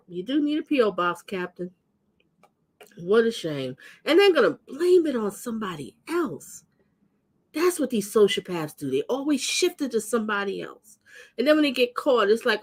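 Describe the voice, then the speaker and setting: A woman hosting a live stream in a loose, chatty way, reacting to clips and reading out viewer comments with a laugh. Her pitch swings up and down with plenty of animation. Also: lively intonation, a little fast. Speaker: host reacting to viral clips.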